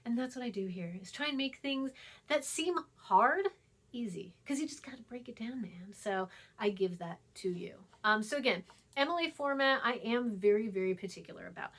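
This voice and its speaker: Lively intonation marks this woman's slightly high voice as she gives a recorded online lecture for a college writing class at normal speed. She's chatty and emphatic, repeating herself and dropping to a hushed tone for asides.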